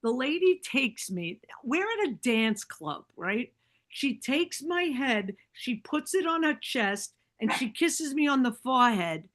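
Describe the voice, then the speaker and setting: Woman podcast guest, fairly high-pitched, animated casual storyteller with a chatty, filler-heavy delivery. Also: measured pace. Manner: animated, acts out quoted dialogue; fillers like "like" and "right?".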